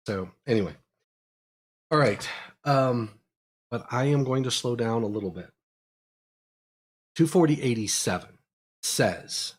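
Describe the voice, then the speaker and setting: Male host, Pittsburgh accent, live tech Q&A; rushes in energetic bursts, lots of ums, drifts off-mic now and then. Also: medium pitch. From Pittsburgh, USA. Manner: energetic, fast bursts with fillers. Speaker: electrical engineering educator. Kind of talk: live technical Q&A talk.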